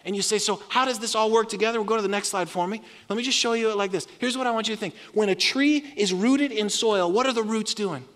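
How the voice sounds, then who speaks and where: A man's voice: high voice, fast talker, hardly any pauses, a bit bright. A man preaching a sermon as pastor, leading the congregation in call-and-response. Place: large church hall. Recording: long hall reverb.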